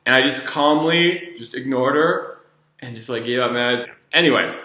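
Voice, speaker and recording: A man, a former treatment counselor, telling a personal story in a casual, rambling, animated way. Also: medium pitch, normal speed, roomy sound.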